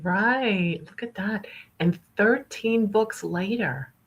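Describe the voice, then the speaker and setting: A woman hosting an interview, asking questions and reacting with quick encouraging remarks. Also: medium pitch, breathy edge. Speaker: host. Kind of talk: casual interview chat.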